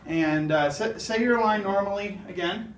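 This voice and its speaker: Chatty high-voiced man, echoey lab. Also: moderate pace. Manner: explanatory, chatty with fillers. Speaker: science demonstrator. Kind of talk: casual science demonstration. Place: university lab room. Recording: echoey room, some background noise.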